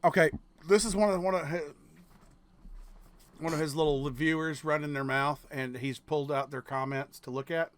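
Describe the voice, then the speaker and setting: A man's voice: on the high side, fairly even intonation, normal speed, fairly bright tone. A man with a Southern American accent reacting on his channel in casual commentary, blunt and profane, stumbling over restarts. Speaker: reaction video host.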